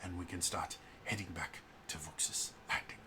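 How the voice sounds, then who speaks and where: A man voicing a calm male expedition leader who speaks in a measured, formal way. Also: low-pitched, whispered.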